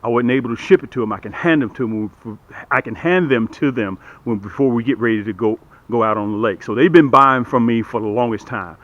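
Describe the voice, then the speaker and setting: A middle-aged man casually demonstrating and selling fishing hooks to the camera, talking in a repetitive, lively salesman patter and calling viewers "guys". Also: medium pitch, quick pace, hardly any pauses, muffled recording. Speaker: fishing gear seller and channel host. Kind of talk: casual product demo to camera.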